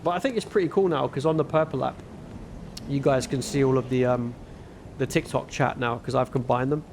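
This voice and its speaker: Northern english guy streaming games, gravelly voice, chill rambly chat, bit of faint room noise behind. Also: mid-range voice, brisk. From northern England. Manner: laid-back, rambling, thanks viewers often. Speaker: livestreamer. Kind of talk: casual chat reading viewer messages while gaming.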